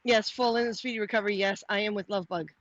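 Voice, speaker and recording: A woman's voice: mid-range voice, steady tone, fast, a bit bright, no echo, muffled recording. A middle-aged woman, chatting casually on a live stream while walking outdoors. She rambles, restarts often and answers viewer comments aloud. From Canada. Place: outdoors, walking to the post office.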